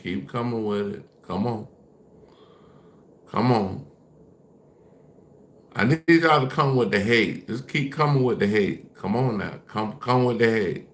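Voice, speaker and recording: A man's voice: lowish voice, slow pace, pauses often. A man on a casual livestream, taunting and dismissing his chat while repeating himself.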